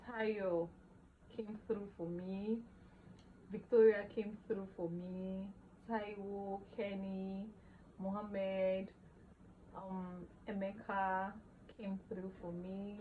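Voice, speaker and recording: Animated woman telling a story. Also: mid-range voice, phone-quality sound, slight background noise. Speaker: vlogger. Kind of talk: personal testimony vlog.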